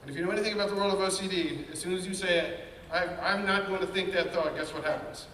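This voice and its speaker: A man's voice: high-pitched, quick pace, bright, forceful tone, slight background noise. Man telling his story in an echoey hall. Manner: candid, earnest storytelling with quoted inner voices. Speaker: speaker sharing his story. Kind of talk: personal testimony talk. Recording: echoey hall, mic at a distance.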